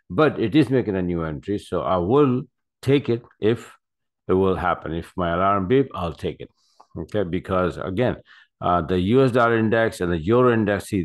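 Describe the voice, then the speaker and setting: A man's voice: lowish voice, animated, moderate pace. A man talking casually over his screen while reviewing his trades, rambling with many fillers and correcting himself as he goes. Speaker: forex trader. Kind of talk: casual screen-share trading commentary. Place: at a desk by his computers.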